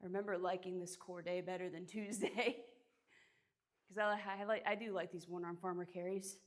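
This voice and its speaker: A woman's voice: lowish voice, steady tone, moderate pace. Breathless young woman chatting mid-workout. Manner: chatty, greets viewers by name, breathy exhales between sets. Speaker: fitness streamer. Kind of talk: casual live-stream workout chat.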